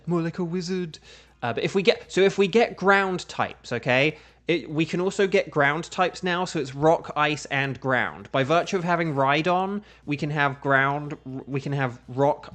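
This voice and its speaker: A man's voice: a little high, a bit bright. A man who is a voice actor, chatting casually and rambling to his viewers as he hosts a live game stream, humming to himself between thoughts. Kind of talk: casual live-stream chat while playing. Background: faint background music.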